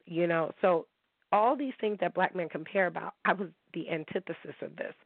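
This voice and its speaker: A podcast host from upstate New York pours out a candid, heated account of her divorce to listeners, often asking if they understand. Her fairly low, creaky voice moves at normal speed. The recording is dry and thin, like a phone.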